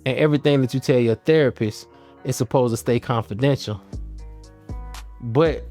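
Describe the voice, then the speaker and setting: A man's voice: mid-range voice, darkish tone. Rambling man talking loosely to camera. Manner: rambling, restarts often, loose slangy talk. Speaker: channel host. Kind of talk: casual monologue to camera. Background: faint guitar music.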